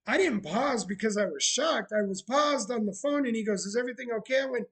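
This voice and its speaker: A man's voice: very high voice, expressive, fairly quick, hardly any pauses, a bit bright, husky, low-quality recording. A man chatting casually on a live stream, sarcastic and talkative, greeting viewers as he goes. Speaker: streamer running a bar roleplay channel.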